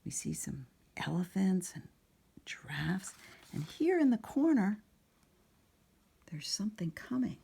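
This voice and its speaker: A woman narrating a picture book at storytime, speaking softly and often slipping into a whisper, asking the listener questions. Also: medium pitch, sing-song, unhurried, creaky, long pauses, husky. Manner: soft, often sliding into a whisper.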